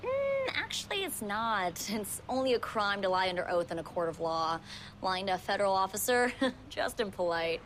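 A young actress playing a sharp, sardonic teenage girl who makes dry comebacks with little laughs. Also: medium pitch, very animated, normal speed, a little hiss or hum. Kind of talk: TV drama acting.

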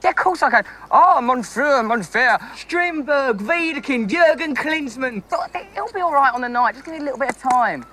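A cheeky, boastful con man with a high voice. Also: animated, bright, forceful tone, slight background noise, heavily acted. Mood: blustering. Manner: cheeky, boastful, quick patter. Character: cocky, boastful male con man, young adult. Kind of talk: film acting.

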